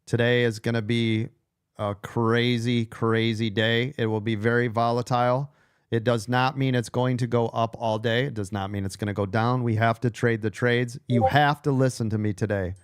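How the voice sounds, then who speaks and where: A man's voice: mid-range voice, smooth, no room sound, clean studio sound. A man losing his voice, coaching a live trading room, blunt and profane, repeating key points.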